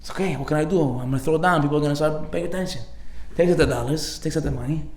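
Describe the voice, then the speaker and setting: A man giving a lively sermon as a rabbi, telling stories and acting out the characters, laughing often. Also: on the high side, racing, echoey room. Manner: animated, acts out characters in the story, laughs often.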